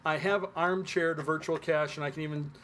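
A man's voice: fairly high pitch, steady tone, a little fast, fairly bright tone, a little hiss or hum. Rambling man co-hosting a casual podcast. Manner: rambling, restarts often, self-corrects. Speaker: podcast co-host. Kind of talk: casual chat.

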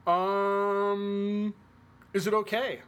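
A man's voice: sits high, level tone, extremely slow, a bit bright, smooth. Rambling man co-hosting a casual podcast. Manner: rambling, restarts often, self-corrects. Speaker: podcast co-host. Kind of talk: casual chat.

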